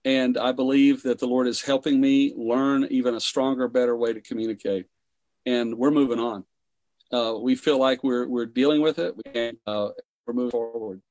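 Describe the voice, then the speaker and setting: A man, a pastor, answering in a podcast interview, speaking haltingly with many fillers. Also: medium pitch, steady tone, darkish tone, dry recording.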